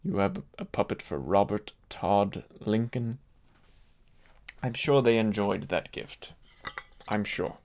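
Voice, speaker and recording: A man's voice: on the low side, lively intonation, takes it slowly, gravelly, long pauses, a little mellow. A man hosting his channel, chatting casually and reading viewer messages aloud. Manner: reads viewer messages aloud and teases the chat. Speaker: YouTube creator. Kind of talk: casual livestream chat.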